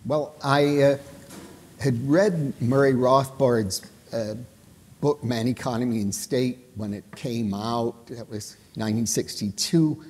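Older male panelist, slow and measured, dry wit, husky tone, long hall reverb. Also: medium pitch, fairly even intonation, darkish tone. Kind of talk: anecdotal panel talk.

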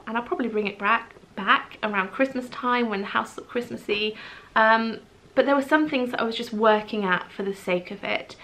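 A woman's voice: mid-range voice, fairly bright tone, poor audio. Candid woman vlogging. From England. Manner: candid, open, many "um"s and asides. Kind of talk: personal vlog update.

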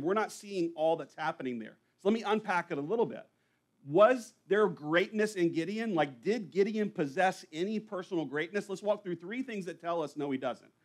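A man preaching a sermon to a church congregation, conversational and full of rhetorical questions. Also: sits high. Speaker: pastor. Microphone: live church recording.

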